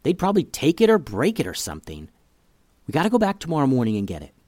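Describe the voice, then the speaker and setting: A man voicing an eager, scheming young boy in a storybook reading, talking fast and persuasively. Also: mid-range voice, huge pitch swings, a little mellow, no echo, voice pushed up.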